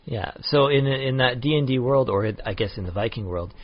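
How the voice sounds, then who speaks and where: A man co-hosting a podcast in casual chat, measured and full of "yeah" and "um". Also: medium pitch, expressive, highs cut off. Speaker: podcast co-host.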